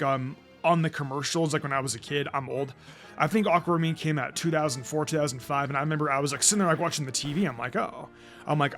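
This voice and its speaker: A man's voice: fairly high pitch, fairly bright tone. A young man giving casual let's-play commentary, rambling with many fillers and stumbling restarts. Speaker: gaming commentator.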